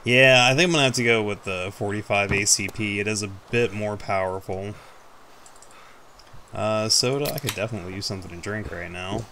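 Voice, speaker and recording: A man's voice: on the low side, brisk, noisy background. A man giving casual, rambling commentary over his own gameplay, self-mocking and casually swearing. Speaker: gaming YouTuber.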